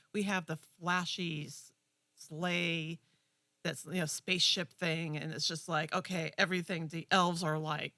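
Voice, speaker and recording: A young woman co-hosting a community TV talk show, retelling a movie with enthusiastic, animated chat. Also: lowish voice, no echo, studio quality. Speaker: co-host. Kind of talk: casual chat.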